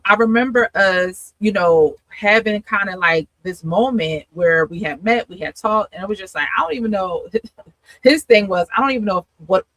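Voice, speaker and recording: A woman who is a host and coach speaks at medium pitch with a fairly bright tone, in poor audio with no echo. In a live conversation, she gives candid testimony, telling her story with feeling, laughing often and acting out her past self.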